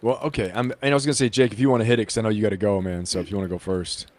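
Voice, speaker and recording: A man co-hosting a casual live panel chat, relaxed and encouraging toward his guests. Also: lowish voice, very fast.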